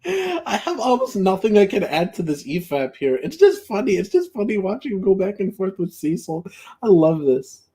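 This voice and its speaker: A man's voice: high-pitched, very animated, moderate pace, warm tone. A man hosting a live stream, reading viewer messages aloud and reacting with mock outrage and laughter. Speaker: streamer reacting to a recorded show. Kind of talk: casual live-stream commentary, reading super chats.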